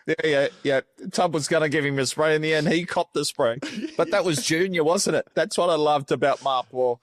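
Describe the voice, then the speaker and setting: A man's voice: a little high, brisk, no echo, studio quality. A middle-aged Australian man chatting on a cricket podcast, matter-of-fact and teasing his mates. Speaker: podcast co-host, former fast bowler. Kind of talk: casual banter.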